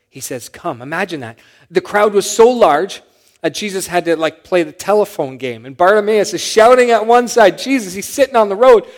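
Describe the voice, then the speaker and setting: A man preaches a sermon as a pastor, his voice sitting a little high for a man. He delivers it animatedly, punching quoted cries up into loud shouts. The sound carries a long reverb, like a large hall.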